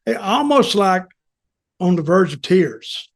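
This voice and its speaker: An older man telling a casual story, animated and full of acted quotes and chuckles. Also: high-pitched, measured pace, gravelly. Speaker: storyteller and show guest.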